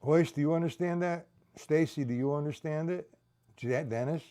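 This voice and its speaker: A man's voice: on the high side, normal speed, mellow. A man giving a live-streamed drum lesson, counting beats aloud, blunt and repetitive, often checking that viewers understand. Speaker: drum teacher.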